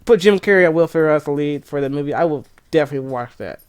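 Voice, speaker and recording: A man streamer chatting casually and excitedly, rambling with many restarts. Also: a little high, very fast, smooth. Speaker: gaming streamer. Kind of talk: casual chat.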